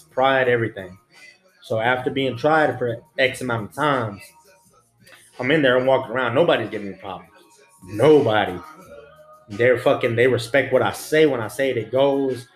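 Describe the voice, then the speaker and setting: A man, a former prison officer, telling a story in casual, blunt, profane street slang. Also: medium pitch. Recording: roomy echo, faint music.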